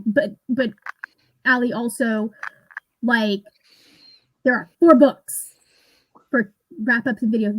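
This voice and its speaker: A woman in her thirties chats loosely with co-hosts during a cozy online reading session, rambling from topic to topic and laughing easily. Her voice sits a little high and sounds close and dry, with no room around it. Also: no echo, rough recording. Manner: chatty, rambling, laughs often. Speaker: booktube host. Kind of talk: casual livestream chat.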